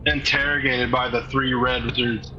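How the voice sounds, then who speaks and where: A man's voice: medium pitch, flat delivery, moderate pace, highs cut off, over a noisy crowd. A man playing in a tabletop game, speaking briefly and decisively. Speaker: player.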